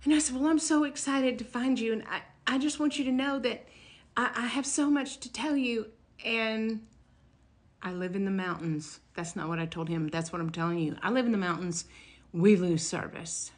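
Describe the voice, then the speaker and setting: A woman with a slightly high voice tells a personal story to the camera. She talks casually and with lots of animation, her voice soaring when she relives excitement and sinking to a near whisper for dramatic beats. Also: normal speed. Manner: drops to a hush or whisper for dramatic moments. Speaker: vlogger telling a personal story.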